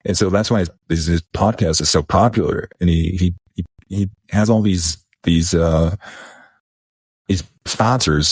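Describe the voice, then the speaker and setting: Low husky man chatting on a podcast. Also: unhurried, no room sound, clean studio sound. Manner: rambling, repeats words, restarts. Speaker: podcast co-host. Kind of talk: casual podcast chat.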